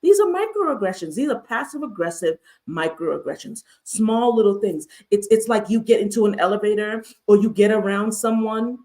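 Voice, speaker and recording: Woman, talk show host, emphatic, repeats herself for stress, rhetorical questions, mid pitch. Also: expressive, moderate pace, few pauses, warm tone. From United States. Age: adult with a master's degree. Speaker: host, therapist. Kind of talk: livestreamed mental health talk.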